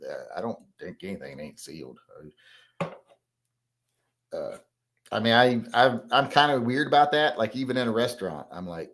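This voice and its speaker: A man's voice: on the low side, sing-song, normal speed, long pauses, a bit bright. Rambling folksy American man with a Southern accent. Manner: rambling, folksy and blunt, many "uh" fillers. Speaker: podcast host reading viewer comments. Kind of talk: casual solo podcast chat.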